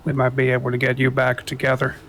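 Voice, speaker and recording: A man voicing a kindly, calm knight who speaks gently and steadily. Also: mid-range voice, fast, crowd noise, natural voice. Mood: gentle.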